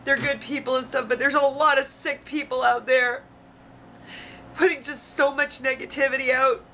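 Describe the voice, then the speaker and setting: A woman's voice: high voice, level tone, normal speed, bright, forceful tone, slight background noise. A woman venting on her video blog, outspoken and frustrated, swearing freely as she talks. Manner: heated, frustrated. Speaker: YouTuber. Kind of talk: emotional vlog rant. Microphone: camera mic.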